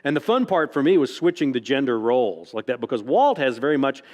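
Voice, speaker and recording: A man's voice: medium pitch, very animated, brisk, darkish tone. A man, an author at a library event, telling anecdotes to a live audience in a rambling, self-amused way, packed with fillers and chuckles. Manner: breaks into chuckles at his own stories. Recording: long reverb of a large hall.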